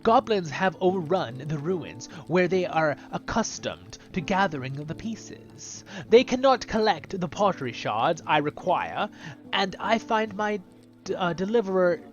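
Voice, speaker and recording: A man's voice: high voice, lively intonation, a little slow, highs cut off, soft background music, voice pushed up. A man doing a stumbling put-on Scottish trader. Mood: worried. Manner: stumbling read-aloud quest text. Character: put-upon male trader short of pottery.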